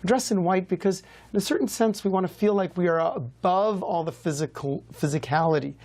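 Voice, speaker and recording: A man, a rabbi hosting a TV show, answering viewers' questions in a lively, conversational teaching style. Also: high-pitched, brisk. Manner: lively, conversational, varies pace a lot.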